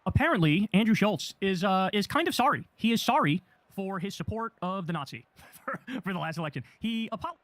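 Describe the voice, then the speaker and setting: A man hosting a political reaction show, talking fast and sarcastically to his viewers between clips. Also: sits high, animated, fairly bright tone, no echo. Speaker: political commentary host.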